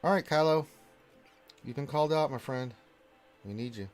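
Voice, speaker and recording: A man's voice: moderate pace, faint music behind. Playful man streaming a game. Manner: playful, talks to game characters, swings between loud and low. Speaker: gaming streamer. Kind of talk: live game commentary.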